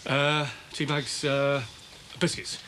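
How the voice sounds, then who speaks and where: An actor playing a hesitant, forgetful customer in a shop, in a soap opera. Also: male voice, mid-range voice, monotone, slow, pushed and bright, slight background noise. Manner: hesitant, mumbling.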